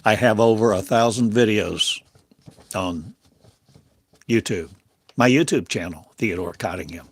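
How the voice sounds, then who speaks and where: A man delivering a slow, incantatory channeled spiritual monologue, clearing his throat often. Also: lowish voice. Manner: slow, incantatory, repetitive phrasing with sudden swells. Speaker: spiritual teacher.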